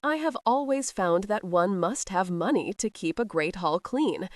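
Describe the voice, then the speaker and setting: A woman's voice: mid-range voice, expressive, measured pace, dry recording, studio quality, natural voice. A woman voicing a clever young noble bride who speaks mildly but pointedly. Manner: mild yet pointed.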